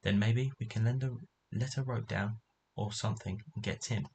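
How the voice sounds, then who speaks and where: A sensible, level-headed older boy from a storybook, as a man reads him in a low voice. He explains things in a plain, matter-of-fact way. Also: fairly even intonation, moderate pace, vocal fry, a little mellow, slight background noise. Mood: practical.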